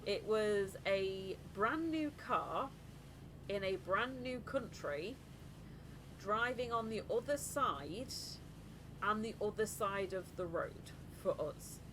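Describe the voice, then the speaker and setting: A woman's voice: mid-range voice, slow pace. A woman streamer telling stories in casual chat, laughing often and acting out other people. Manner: laughs often, animated storytelling with voiced impressions. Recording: live stream with clear background noise.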